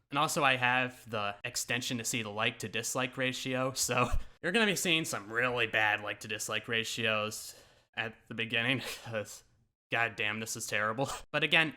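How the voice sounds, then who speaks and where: A man's voice: medium pitch, pushed and bright. A man YouTuber reacting to his own old videos in casual, self-mocking commentary, laughing often and swearing.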